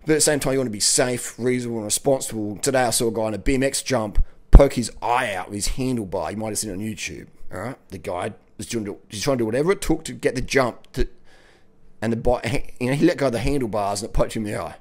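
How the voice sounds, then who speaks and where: An Australian man telling a long, rambling story on his own channel, excitable and loose, peppering his talk with "man" and mild swearing. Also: mid-range voice, quick pace. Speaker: cycling vlogger. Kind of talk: casual monologue.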